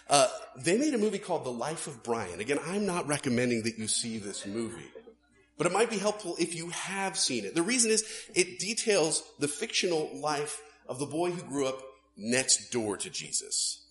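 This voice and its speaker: A male pastor preaching a sermon, animated, swinging between loud emphasis and hushed asides. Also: medium pitch, moderate pace.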